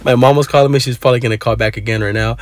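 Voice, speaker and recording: A man's voice: medium pitch, fairly even intonation, rapid-fire, slight background noise. A man telling a rambling story in casual vlog talk, swearing freely and mixing in Spanish words, recorded on his phone. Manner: profane, laid-back, mixes in Spanish words. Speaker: vlogger.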